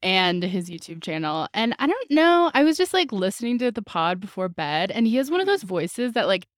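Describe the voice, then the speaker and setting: A woman's voice: mid-range voice, big pitch swings, moderate pace, dry recording, studio quality. A young woman co-hosting a podcast, chatting casually and filling her talk with "like". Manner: chatty, lots of "like" fillers. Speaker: podcast co-host. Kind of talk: casual chat.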